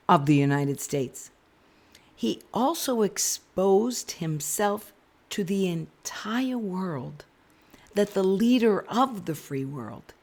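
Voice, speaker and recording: Female political host, laryngitis, breathy whisper, slow and lowish, animated delivery. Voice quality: hushed, breathy. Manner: whispering to spare her voice; animated, exclamatory. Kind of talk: casual political commentary.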